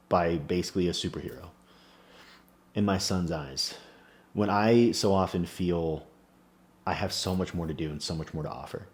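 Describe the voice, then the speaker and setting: A man's voice: low-pitched, a little mellow. A man in his thirties, a small business owner, telling a personal story in an earnest, reflective way. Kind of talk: personal vlog monologue.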